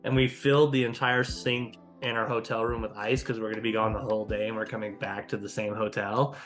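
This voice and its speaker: A man's voice: lowish voice, level tone, fairly quick, fairly bright tone, faint music behind. Profane rambling podcast storyteller man. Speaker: podcast host. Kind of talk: casual storytelling chat.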